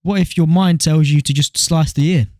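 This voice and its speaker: A young man with a British accent co-hosting a podcast and telling stories in lively casual chat, swearing freely. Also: on the high side, normal speed, dry recording, clean studio sound. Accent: British English. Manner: animated storyteller, swears freely. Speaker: podcast co-host.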